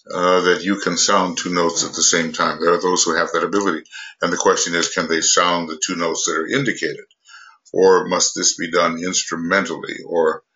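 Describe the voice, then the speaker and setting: An older man giving an unscripted spiritual lecture, halting with many pauses, fillers and restarts. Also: sits low, sharp tone, muffled recording. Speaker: esoteric teacher.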